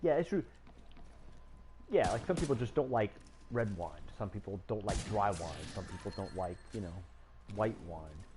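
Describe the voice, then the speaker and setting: A man chatting casually while he plays a game, rambling through stories and jumping into animated voices for the people he quotes. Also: on the low side, moderate pace, music in the background. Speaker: gaming streamer. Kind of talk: casual chat while gaming.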